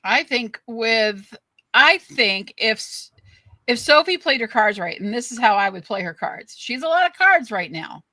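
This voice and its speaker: A woman's voice: fairly high pitch, very animated, normal speed, sharp tone, dry recording. A woman co-hosting a casual show, spelling out her opinions step by step. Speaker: co-host. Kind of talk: casual podcast chat.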